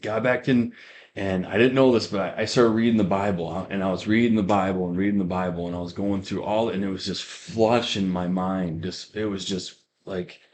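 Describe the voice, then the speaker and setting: A young man with a fairly low voice tells his story of faith for a podcast. He rambles, trips over his words and restarts sentences again and again as he goes. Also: steady tone, fairly quick, a little mellow. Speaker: guest giving a testimony. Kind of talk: personal testimony on a podcast.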